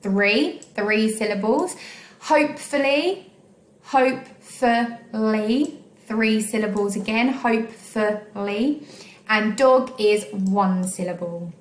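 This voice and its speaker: Slow, careful woman teacher in echoey room. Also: mid-range voice. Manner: slow, clearly sounding out syllables. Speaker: primary school teacher. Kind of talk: recorded online phonics lesson.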